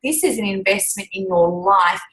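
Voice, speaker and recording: A woman's voice: mid-range voice, normal speed, fairly bright tone, poor audio. A woman giving an earnest, chatty motivational testimony on a team call. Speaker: team member.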